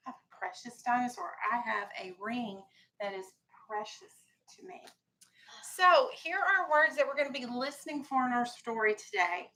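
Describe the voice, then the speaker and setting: A woman's voice: on the high side, expressive, brisk, hardly any pauses, sharp tone, low-quality recording. A woman teaching a classroom vocabulary lesson, firm and explanatory, stressing key words.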